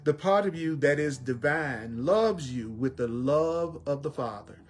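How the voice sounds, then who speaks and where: Emphatic man teaching with slow repetition. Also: a little high, animated, faint music behind. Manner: emphatic, repeats phrases, slows down on key words. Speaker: spiritual teacher.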